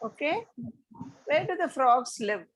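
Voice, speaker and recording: Slow woman telling children a story. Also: high-pitched, lively intonation, low-quality recording. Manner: slow, questioning, talks to a child listener.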